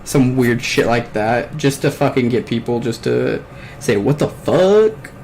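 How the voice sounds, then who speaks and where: A man's voice: mid-range voice, steady tone, measured pace, vocal fry, background noise. A man hosting a podcast, telling a rambling story in casual chat with lots of swearing, from his bedroom. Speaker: podcast host. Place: bedroom at home.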